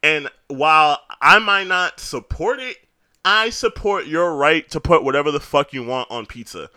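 A man's voice: on the high side, expressive, moderate pace, sharp tone, smooth, dry recording. Heated New guy ranting. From New York. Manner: heated, rambling rant with lots of swearing. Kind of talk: casual chat.

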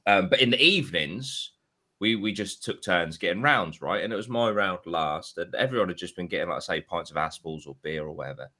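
A man, a podcast co-host, telling a story in casual chat, animated and swearing freely. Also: low voice, brisk.

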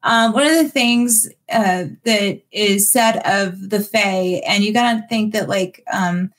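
A woman's voice: medium pitch, takes it slowly. A woman co-hosting a podcast, explaining her view at length in casual chat with many ums and uhs.

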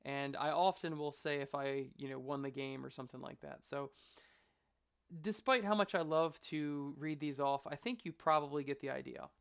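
A man's voice: fairly high pitch, steady tone, normal speed, vocal fry, clear, resonant tone. A man hosting a hobby channel, chatting casually to the camera in an enthusiastic, rambling, self-deprecating way.

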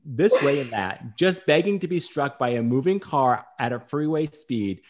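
A man of middle pitch reads out movie reviews on a podcast in a dry, deadpan voice. His delivery is casual and joking, with playful asides between the quotes. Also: normal speed. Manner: deadpan, jokey review reading. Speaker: podcast host reading reviews. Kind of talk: casual group chat.

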